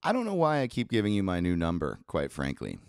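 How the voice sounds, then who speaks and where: A man's voice: low voice, quick pace, gravelly, dry recording, clean studio sound. A man from New York, a comedy podcast guest, telling stories animatedly and acting out the people in them. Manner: animated storyteller, acts out voices. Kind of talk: casual comedy chat.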